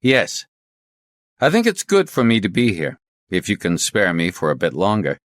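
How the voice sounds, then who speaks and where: A man's voice: deep voice, brisk, fairly bright tone, no room sound, studio quality. A man reading a weary middle-aged detective.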